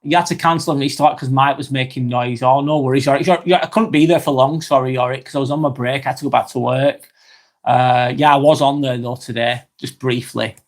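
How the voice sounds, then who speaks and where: A man hosting a slow, rambling live-stream vlog, reading out viewer comments with many fillers and apologies, a little under the weather. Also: mid-range voice, steady tone. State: slightly under the weather, occasional cough.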